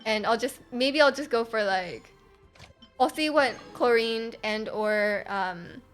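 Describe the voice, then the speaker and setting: Woman game streamer, rambling and giggly, slightly high, soft game music under her. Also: slow. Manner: rambling, giggly, lots of fillers. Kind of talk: casual chat while gaming.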